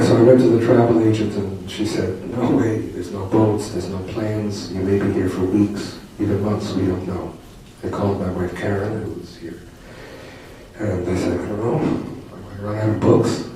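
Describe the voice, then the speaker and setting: A man's voice: lowish voice, normal speed. Wry older man telling a story in an echoey hall. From Canada. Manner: reflective, wry anecdotal storytelling with frequent restarts. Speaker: poet and political commentator. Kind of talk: storytelling talk to an audience. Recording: distant mic in a very echoey hall with noise.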